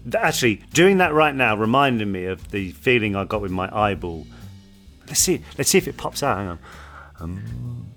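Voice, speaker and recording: A man's voice: on the low side, big pitch swings, fairly quick, a bit bright, faint music behind. A man co-hosting a podcast, chatting casually and playfully and putting on silly voices now and then. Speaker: podcast co-host.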